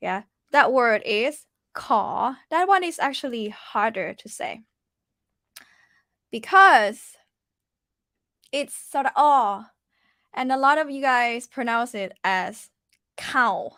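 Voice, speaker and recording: Thai teacher woman, patient and clear. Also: fairly high pitch, animated, pushed and bright, no echo, studio quality. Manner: patient, repeats words slowly for learners, laughs often. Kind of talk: casual online language lesson.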